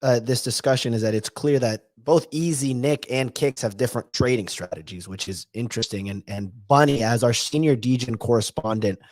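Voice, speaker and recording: Man, podcast host, moderating, quick questions, dry sound. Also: mid-range voice, a little mellow, dry recording. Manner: quick, asks others to weigh in. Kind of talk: moderating casual chat.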